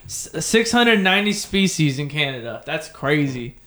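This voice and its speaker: A high-pitched young man trades crude, rowdy banter in a casual chat. He swears constantly, keeps calling his friend "bro", and talks loosely and fast. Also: big pitch swings, bright, forceful tone. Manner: profane, rowdy, says "bro" a lot. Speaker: podcast co-host.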